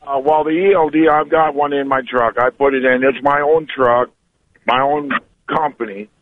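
A man's voice: a little high, steady tone, moderate pace. A man calling a radio show as a truck owner-operator, angry and frustrated as he rants. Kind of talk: radio call-in. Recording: phone-line audio, dry.

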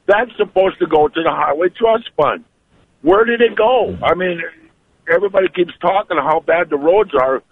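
A man's voice: high voice, normal speed, slight background noise. A man calling a radio show as a truck owner-operator, angry and frustrated as he rants. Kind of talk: radio call-in. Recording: phone-line audio, dry.

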